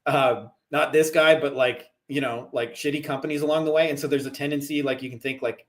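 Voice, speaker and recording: A man's voice: mid-range voice, steady tone, a little fast, hardly any pauses. A middle-aged man from Canada, a guest chatting casually about marketing, rambling with lots of "like". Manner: rambling, heavy on "like" fillers. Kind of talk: casual chat.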